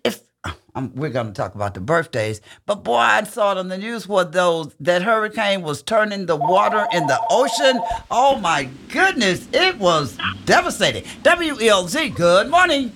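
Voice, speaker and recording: Lively, bright-voiced radio hostess. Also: female voice, medium pitch, moderate pace. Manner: effusive, laughing, reads birthday shout-outs. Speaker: radio host. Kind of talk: call-in radio chat.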